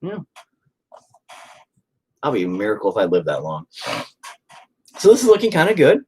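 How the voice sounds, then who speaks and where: A man's voice: on the low side, huge pitch swings, moderate pace, darkish tone, husky, low-quality recording. A man chatting casually and profanely while painting on a livestream, rambling and joking. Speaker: streamer painting on camera.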